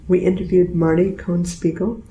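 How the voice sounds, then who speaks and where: A woman's voice: fairly low pitch, little pitch movement, normal speed, mellow. An older woman telling a personal story in an earnest, reflective, plainspoken way. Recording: roomy echo.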